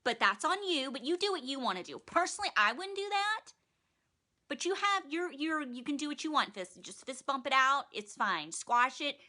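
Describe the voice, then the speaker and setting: A woman's voice: sits high, expressive, moderate pace, hardly any pauses, bright, forceful tone, pitched above the performer's own voice. A woman putting on a sarcastic young woman who talks in a mocking, sing-song, profane way. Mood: passive-aggressive.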